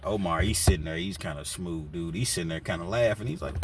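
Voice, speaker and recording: A man's voice: deep voice, a little fast, hardly any pauses, far from the mic, noisy background. Man telling a prison story casually. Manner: loose, rambling, fillers like "you know, man". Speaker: storyteller recounting prison life.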